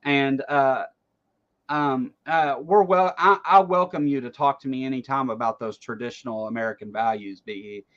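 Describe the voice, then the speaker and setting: A man's voice: medium pitch, normal speed, a bit bright, lo-fi sound. A man hosting a livestream, giving blunt, casual political commentary and swearing freely. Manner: blunt, swears freely, reads chat aloud. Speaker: livestream host.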